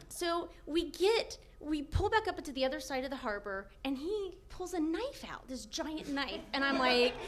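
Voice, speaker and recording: A young woman telling a comic personal story, animated and laughing often as she acts out what people said. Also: high-pitched.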